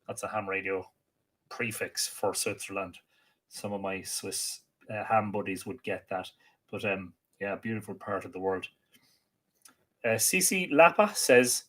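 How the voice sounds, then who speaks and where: A man at a desk mic, hosting a casual livestream from home. His pitch sits in the middle of the male range. He talks in a chatty, welcoming way as he reads out comments and greets viewers. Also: a bit bright. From Ireland. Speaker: livestream host.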